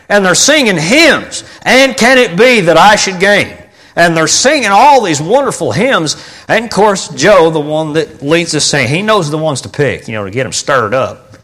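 A male preacher with a drawl delivers a storytelling sermon, his voice sitting a bit high for a man and swinging widely in pitch. He keeps repeating phrases for emphasis and bursts into louder moments. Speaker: pastor.

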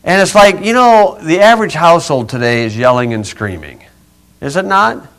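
A man's voice: a little high, animated, moderate pace, a bit bright. A male pastor giving an informal, folksy Bible lesson, chuckling and wandering into asides.

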